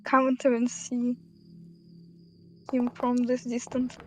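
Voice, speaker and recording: A woman's voice: a little high, completely flat delivery, slow, darkish tone, faint music behind, poor audio. A woman playing a tabletop game, speaking partly in character with polite lines. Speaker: player.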